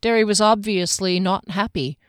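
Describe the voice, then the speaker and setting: Woman narrator, audiobook, dry close sound, mid pitch. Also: normal speed, dry recording. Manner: steady, clear storytelling. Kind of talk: audiobook fantasy reading.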